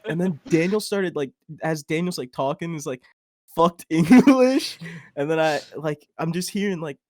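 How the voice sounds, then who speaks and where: A man's voice: a little high, normal speed. Rambling young man telling a story. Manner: rambling, animated storytelling with many fillers. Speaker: podcast co-host. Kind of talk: casual storytelling chat.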